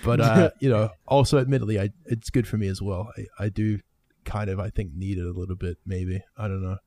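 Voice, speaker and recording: A man's voice: fairly low pitch, steady tone, a little fast, warm tone, no room sound, clean studio sound. A young man hosting a casual podcast with friends, telling a story with lots of swearing and laughter. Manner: swears a lot, laughs while telling stories. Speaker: podcast host.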